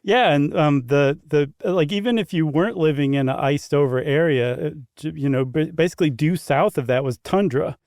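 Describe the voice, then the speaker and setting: A man co-hosts a casual conversational podcast, explaining things in an easygoing, chuckling way with loose asides. His fairly high, slightly mellow voice moves at normal speed with few pauses, recorded in studio quality with no echo.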